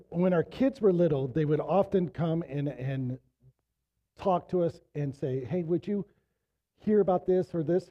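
A man's voice: on the high side, highs cut off. A middle-aged man preaching a sermon in a conversational storytelling way, rising to emphatic exhortation, while losing his voice. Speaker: pastor.

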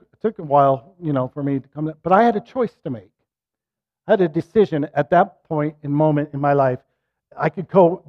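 A middle-aged man preaching a sermon and telling a personal story, animated and self-deprecating. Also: fairly high pitch. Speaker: pastor. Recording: muffled lo-fi recording.

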